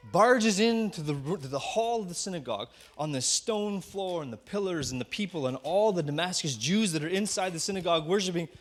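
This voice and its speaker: A pastor retelling a story from the pulpit in an animated sermon, acting out each character. His voice sits fairly high for a man and swings widely in pitch. He builds scenes with energy and rhythm.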